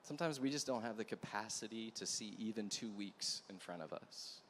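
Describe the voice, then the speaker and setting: A male pastor with a slightly low voice tells a story from the pulpit, chatty and animated, stopping for asides to the room. A faint wash of background noise sits under his voice. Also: brisk. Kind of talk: storytelling sermon. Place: church gathering.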